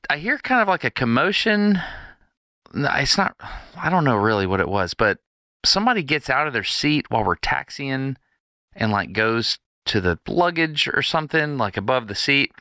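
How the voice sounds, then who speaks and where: A man's voice: medium pitch, sing-song, moderate pace, bright, forceful tone, dry recording, studio quality. A man co-hosting a podcast, telling a story in casual chat and acting out the people in it. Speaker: podcast co-host.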